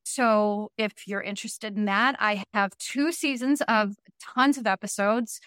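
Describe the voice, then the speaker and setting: A woman's voice: medium pitch, steady tone, unhurried, a bit bright, clean tone, no room sound, studio quality. A woman guest therapist on a podcast, speaking in an earnest, emphatic and reassuring way. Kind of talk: podcast conversation.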